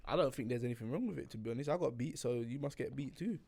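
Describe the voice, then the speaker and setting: A man's voice: mid-range voice, expressive, rapid-fire, vocal fry, warm tone, slightly rough. A young man in a casual podcast chat, joking and slangy, murmuring agreement as others talk. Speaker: podcast co-host.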